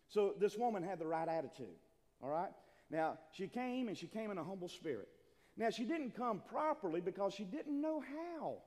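High-voiced preacher shouting in a hall. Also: male voice. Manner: preaching, swings from quiet to shouting. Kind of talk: sermon. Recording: long hall reverb.

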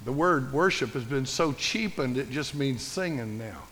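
A man preaching a sermon in a church, emphatic and building to loud, passionate scripture reading. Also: medium pitch, expressive, moderate pace, a little hiss or hum. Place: church sanctuary. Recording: long hall reverb.

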